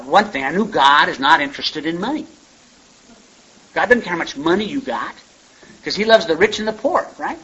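A man's voice: fairly high pitch, bright, forceful tone, husky. A man telling his story at a recovery meeting in a rambling, folksy way, often adding "man" and "you know". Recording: dull lo-fi recording with faint hiss.

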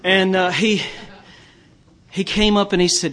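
A middle-aged man from Tennessee speaks at a recovery meeting, spinning stories and jokes in a loose, rambling way. His voice sits high for a man, and he stumbles over and repeats his words as he goes. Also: steady tone, unhurried, fairly bright tone. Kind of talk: storytelling talk with jokes.

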